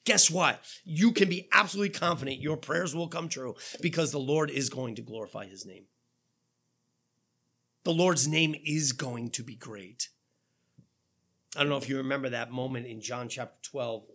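A man's voice: a little high, sing-song, normal speed, bright, forceful tone, husky. A man preaching a sermon as pastor, earnest and full of rhetorical questions. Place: church.

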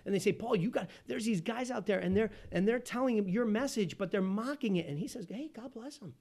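A man preaching a sermon as pastor, asking the congregation questions and swinging from loud exclamations to hushed asides. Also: high-pitched, brisk, creaky.

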